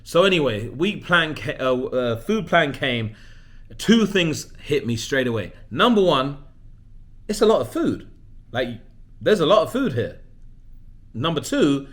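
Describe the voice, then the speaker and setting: A man, talking casually to camera and telling an animated, self-mocking story. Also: a little high, measured pace, pauses often. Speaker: vlogger. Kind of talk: casual vlog monologue.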